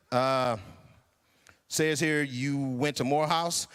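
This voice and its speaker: A man in his sixties performing a stand-up comedy routine, incredulous and animated. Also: on the high side, takes it slowly, smooth, long reverb tail. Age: 60s. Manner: animated, incredulous, acts out voices. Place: church hall stage.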